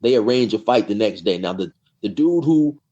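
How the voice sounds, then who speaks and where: A man's voice: on the low side, expressive, moderate pace, dark tone. A middle-aged man, a guest in an interview, tells long stories in a casual, rambling way, often saying "you know" and repeating words. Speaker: guest telling prison stories. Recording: dull lo-fi sound.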